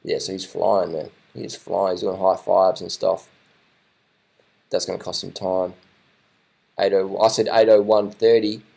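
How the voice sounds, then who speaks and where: A man giving casual, excited commentary over race footage, repeating his phrases and swearing now and then. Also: sits low, unhurried, creaky, pauses often, slightly rough.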